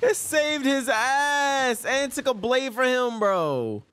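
A man hosting an anime reaction, commentating excitedly in heavy slang with loud exclamations. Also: extremely high pitch, slow pace, clean tone.

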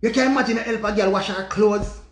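A man with a Jamaican accent telling a story in an animated, profane rant and repeating his phrases. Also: high-pitched, fast talker, echoey room. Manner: repetitive, profane, dramatic retelling. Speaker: vlogger.

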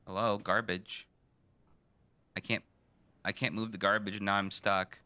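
A young man playing a horror game, joking, swearing and reacting loudly in casual commentary. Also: lowish voice, flat delivery, measured pace. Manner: joking, profane, loud reactions. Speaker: gaming streamer. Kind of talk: casual let's-play commentary.

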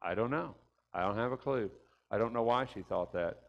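In an echoey church room, a man teaches a chatty Bible class, his fairly low voice moving at a moderate pace with some vocal fry, and the audio sounds dull. He speaks in a homespun way, repeatedly tacking on questions such as "didn't he?" and "right?".

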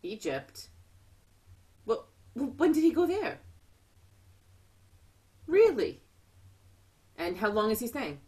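Woman reading a boozy dramatic woman, slow unhurried delivery, lively swooping pitch, video call. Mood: theatrical. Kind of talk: Zoom play reading.

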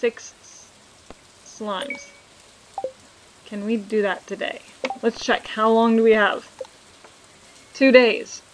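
A woman's voice: fairly high pitch, steady tone, takes it slowly, long pauses, background noise. A woman hosting a casual let's play, chatting and joking with viewers as she plays. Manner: reads game dialogue aloud. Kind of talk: casual gameplay commentary.

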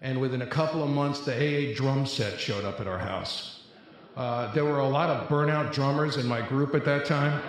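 A man's voice: mid-range voice, normal speed. A middle-aged man telling a humorous personal testimony at a recovery convention, acting out the quotes as a comic storyteller on a stage mic. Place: large convention hall, live audience. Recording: echoey large hall.

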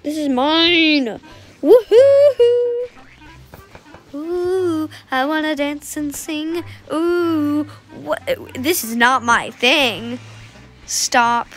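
A woman giving playful, excitable commentary as she plays a game, gasping and squealing often. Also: high voice. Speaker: gamer. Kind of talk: casual gameplay commentary.

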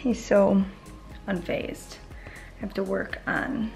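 A woman's voice: mid-range voice, flat delivery, slow, gravelly, pauses often, darkish tone, soft background music. A woman in her twenties vlogging casually from home, talking playfully to her puppy and her viewers. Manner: playful, talks baby-talk to her puppy. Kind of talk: casual vlog chat.

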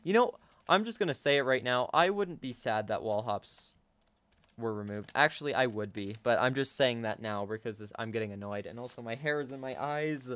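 A young man casually commenting on his own gameplay to viewers, excitable and chatty, often gasping and laughing. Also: mid-range voice, fairly quick, no room sound. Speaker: gaming YouTuber.

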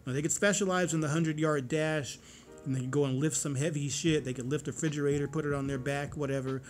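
A man's voice: a little high, steady tone, quick pace. Forty-something guy ranting into the camera, swears a lot, rambles, faint music behind. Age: 40s. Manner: profane, rambling, heated. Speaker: vlogger. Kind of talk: casual monologue to camera.

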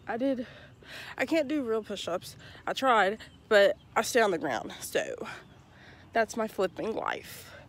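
A woman's voice: medium pitch, sing-song, a little slow, slight background noise. Young woman, casual vlog, outdoors walking, phone at arm's length, out of breath, rambling. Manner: chatty, self-deprecating, rambling. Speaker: vlogger. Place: outdoors walking around a neighborhood. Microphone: handheld phone at arm's length.

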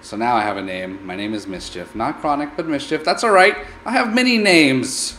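A man's voice: medium pitch, expressive, normal speed, very noisy. A man hosting a let's play, narrating his gameplay with playful, mock-scared melodrama. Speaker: gaming channel host.

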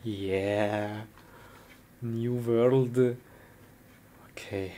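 A woman performing a comedy skit as a gamer, talking in simple, slightly broken English and bursting into excited shouts. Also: extremely low pitch, very slow. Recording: clear background noise.

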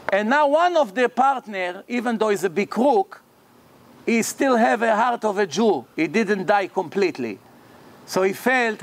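A man with a very high voice gives a religious lecture in English, a language he did not grow up speaking. He tells a long story and voices each person in it, so his pitch and loudness swing widely between narration and their lines. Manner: animated, acts out the characters' lines in the story. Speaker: rabbi. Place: lecture hall.

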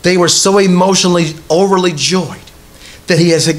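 Male preacher, high voice, conversational sermon delivery, congregation present. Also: animated, fast. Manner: conversational preaching with repeated rhetorical questions to the congregation. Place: church hall with a congregation.

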